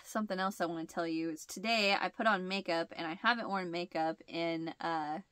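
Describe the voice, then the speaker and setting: Woman, chatty vlog host, stuffed-up nasal sound, bright tone, dry close sound, rambling, laughs often. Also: on the low side, fairly even intonation, brisk, smooth, dry recording. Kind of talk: casual chat.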